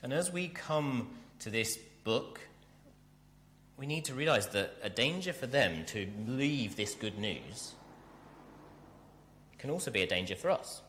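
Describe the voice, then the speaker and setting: A man preaching a sermon, animated and speaking directly to his congregation in a church. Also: medium pitch, a little slow, pauses often, in a large hall, a little hiss or hum. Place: church hall.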